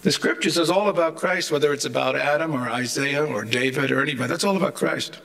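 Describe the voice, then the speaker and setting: A man's voice: on the high side, fast talker, gravelly, fairly bright tone. An older man giving a humorous, anecdotal theology lecture, chatty and rambling, with wry joking asides.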